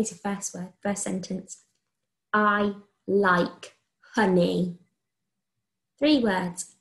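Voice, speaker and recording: A woman teacher from England talks young pupils through a recorded phonics lesson. Her voice carries a rough, creaky edge. She dictates sentences slowly and sounds out letters, with frequent cheerful praise. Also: medium pitch. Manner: slow, clearly sounded dictation with encouraging praise. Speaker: primary school teacher.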